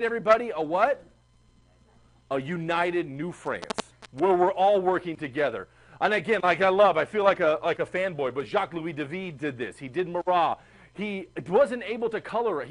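Lively high-voiced man teaching history. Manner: animated and chatty, asks the class questions. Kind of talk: classroom lecture.

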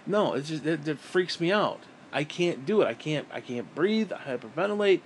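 A man's voice: on the high side, lively intonation, normal speed, a little hiss or hum. A middle-aged man ranting casually to his viewers, frustrated and swearing, rambling with frequent restarts. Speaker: vlogger. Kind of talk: casual rant to camera. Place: home.

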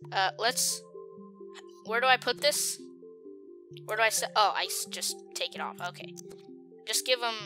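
A woman giving chatty, excitable commentary while playing a video game, often talking to the creatures on screen. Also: mid-range voice. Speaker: gamer. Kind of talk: let's play gameplay commentary.

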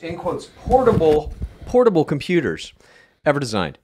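A man's voice: a little high, very animated, moderate pace, darkish tone, breathy edge. A middle-aged man co-hosting a podcast in casual chat, wry and swearing, often laughing. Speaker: podcast co-host.

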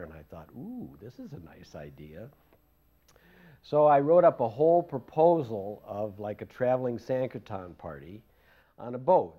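Older man, casual storyteller, rambling and self-deprecating, quick to laugh. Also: fairly low pitch, dark tone. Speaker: devotee recalling memories.

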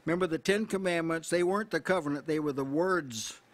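Man preaching slow and deliberate. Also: a little high. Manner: measured, repeats phrases, slows on key words. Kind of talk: expository sermon to a house church. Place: small house church meeting room.

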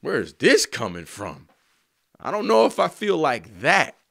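A man telling an emotional story about writing a song, earnest and slangy, sometimes softly singing lines. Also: a little high, huge pitch swings, measured pace, gravelly, no room sound, studio quality. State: choked up. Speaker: songwriter. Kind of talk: heartfelt spoken testimony.

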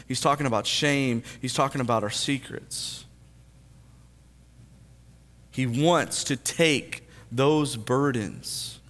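A man preaching a sermon as pastor, earnest, stammering into restarts and swinging between hushed and lively. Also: on the high side, long reverb tail. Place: church sanctuary.

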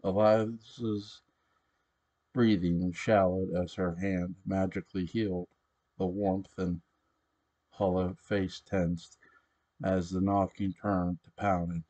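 Storyteller, man, deep voice, slow, unhurried read, corrects small slips. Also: little pitch movement, dark tone, muffled recording. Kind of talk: reading a story aloud.

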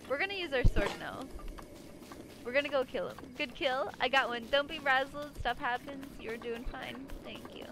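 Streaming a game live over background music, a young woman offers animated gameplay commentary in a high-pitched voice at a moderate pace. She giggles, chats and baby-talks to the enemies.

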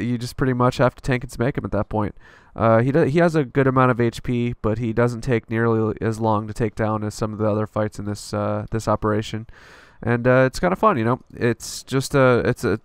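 A man's voice: mid-range voice, clear, resonant tone, dry recording, clean studio sound. A man narrating a casual gameplay strategy guide in a loose, rambling way, full of fillers and offhand swearing.

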